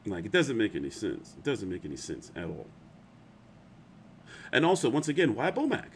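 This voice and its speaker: A man's voice: fairly low pitch, wildly swooping pitch, moderate pace, a little hiss or hum. A man hosting casual boxing commentary, rambling and opinionated, often profane.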